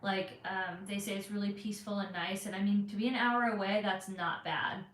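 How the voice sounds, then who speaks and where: A woman's voice: medium pitch, fairly even intonation, fairly quick, fairly bright tone. A young woman with a Southern Californian accent, chatting casually on a live stream and answering viewers, rambling with lots of fillers. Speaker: vlogger answering live chat. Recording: echoey room.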